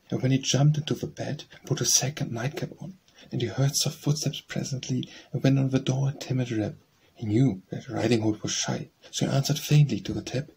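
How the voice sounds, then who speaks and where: Raspy, gravelly male poem reader. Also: mid-range voice, fairly even intonation, darkish tone, rough recording. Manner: rhythmic, measured verse reading. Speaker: audiobook narrator. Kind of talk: reading a narrative poem for children.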